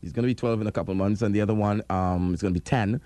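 A man's voice: lowish voice, fairly even intonation, very fast, dark tone, no room sound. A Trinidadian man in his thirties hosting an interview, earnest and hesitant, restarting his sentences often. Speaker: interview host. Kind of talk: casual interview.

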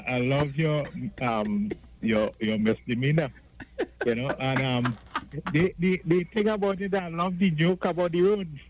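High-voiced male caller, muffled line. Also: slight background noise. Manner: halting, stammers, then quips. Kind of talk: phone-in call.

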